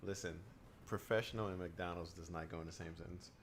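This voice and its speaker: Deep-voiced Minnesotan man chatting. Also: a little fast. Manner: animated, joking, teasing. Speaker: streamer host. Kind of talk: casual chat.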